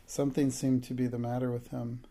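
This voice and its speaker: A man reading an audiobook in a steady, measured narration. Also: medium pitch. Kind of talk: scripted narration.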